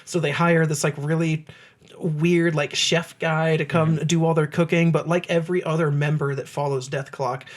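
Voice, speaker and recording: A man co-hosting a podcast in casual chat, excitably retelling cartoon scenes with lots of swearing and laughter. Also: fairly high pitch, normal speed. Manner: excitable, swears a lot, laughs while telling stories. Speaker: podcast co-host.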